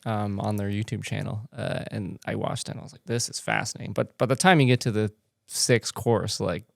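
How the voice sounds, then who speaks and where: A man hosting a podcast, talking in a relaxed, conversational way. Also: on the low side, normal speed, creaky, no echo, studio quality. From Canada. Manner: relaxed, conversational, easy laughs. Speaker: podcast host. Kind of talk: casual podcast interview.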